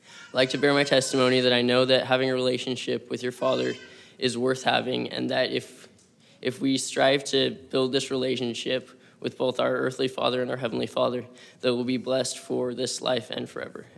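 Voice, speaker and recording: A young man reads his prepared church talk in a flat, level tone that hardly rises or falls. His voice has a gravelly edge, and he keeps an even, scripted delivery from start to finish. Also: mid-range voice, fairly quick. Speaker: church speaker. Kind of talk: read sacrament meeting talk.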